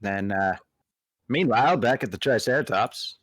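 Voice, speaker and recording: A man acting as game master, reading scene descriptions aloud in an unhurried way with frequent fillers. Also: medium pitch, animated, fairly bright tone. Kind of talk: running a tabletop game.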